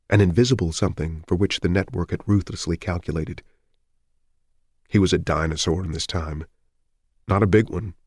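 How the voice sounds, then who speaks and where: A man reading a novel aloud in a measured, somber narration. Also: sits low, dry recording, studio quality. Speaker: audiobook narrator. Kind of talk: scripted narration.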